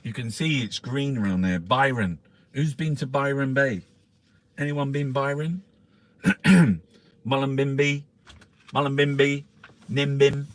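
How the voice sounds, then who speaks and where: A man hosting a casual newspaper review. He swears constantly, rambles with lots of restarts and fillers, and reads headlines out louder. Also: fairly even intonation, measured pace, pauses often, dry recording. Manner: louder and higher when reading headlines. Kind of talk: casual live-stream chat, reading headlines aloud.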